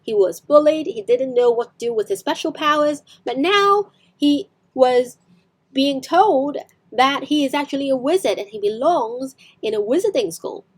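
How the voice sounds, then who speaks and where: Hong Kong-accented woman English tutor, a touch high-pitched, chatty explainer who restarts her sentences. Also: lively intonation, moderate pace. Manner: explanatory, with frequent fillers and self-corrections. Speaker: English teacher. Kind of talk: online English lesson explaining film clips.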